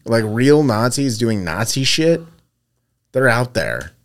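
A man's voice: medium pitch, very animated, slow. A young man co-hosting a casual podcast, blunt, joking and swearing freely. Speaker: podcast co-host.

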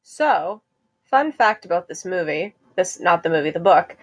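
A woman's voice: on the low side, animated. Chatty young woman co-hosting. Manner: chatty, rambling, quick bursts of laughter. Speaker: co-host. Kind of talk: casual chat.

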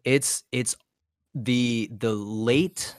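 A man's voice: medium pitch, steady tone, very slow, dry recording, clean studio sound. A man co-hosting a podcast, ranting in frustration, swearing and tripping over restarts. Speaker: podcast co-host. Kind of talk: casual podcast rant.

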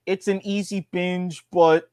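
A man's voice: high-pitched, little pitch movement, slow pace, a little mellow, no echo, clean studio sound. A man co-hosting a podcast in casual chat, laid-back and teasing. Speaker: podcast co-host.

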